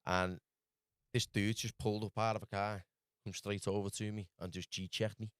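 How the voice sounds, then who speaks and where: A Scouse man from Liverpool spins a loose, rambling story as a podcast guest, dropping "lad" into nearly every line. His voice sits fairly low, and the sound is dry and close. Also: little pitch movement, normal speed, smooth, no room sound. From Liverpool, England. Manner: rambling, full of "lad" and "do you know what I mean". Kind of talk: casual storytelling.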